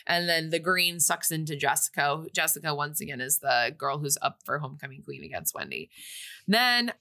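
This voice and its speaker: Speaking a little fast in a deep, sharp voice, a young podcast co-host animatedly retells a film's plot. Her casual recap wanders and is packed with fillers.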